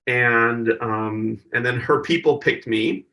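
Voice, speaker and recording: Bright-voiced man telling a stand-up story. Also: mid-range voice, takes it slowly, far from the mic, poor audio. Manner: animated storyteller who acts out other people's voices. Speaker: guest stand-up comedian. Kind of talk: telling an anecdote in a podcast interview.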